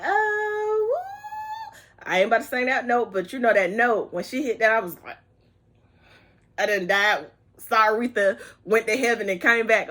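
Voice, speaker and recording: A YouTube vlogger with a mid-range voice gives a casual, chatty review of a movie. She is sassy and expressive, stretching out her words and breaking into bits of song, and she talks right to her viewers, calling them honey and child.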